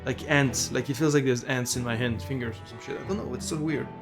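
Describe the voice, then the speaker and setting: A man's voice: medium pitch, brisk, music in the background. A young man streaming a game, chatting casually and swearing often. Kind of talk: casual gaming commentary.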